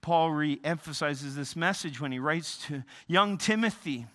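A man preaching a sermon, emphatic, often repeating and restarting words, swinging between loud emphasis and quiet lows. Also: a little slow. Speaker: pastor.

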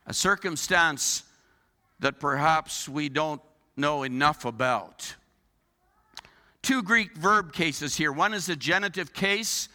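A man with a very bright, high-pitched voice delivers an earnest sermon from the pulpit. His words ring out with a long reverberant tail, as if in a large sanctuary. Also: takes it slowly. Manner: earnest preaching with rhetorical questions. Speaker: pastor.

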